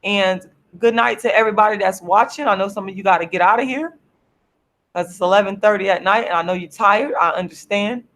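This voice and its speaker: A tired, sleepy woman hosting a casual livestream, speaking in an earnest, repetitive, drawn-out way to viewers through her camera. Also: mid-range voice, fairly bright tone. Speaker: livestream host.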